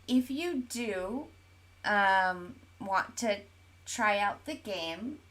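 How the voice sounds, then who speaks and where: Woman co-host, easygoing chatty talk, reads chat comments aloud, plenty of ums, mid-pitched voice. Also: animated, very slow, fairly bright tone. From Oklahoma, USA. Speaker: podcast co-host. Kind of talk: casual chat while streaming.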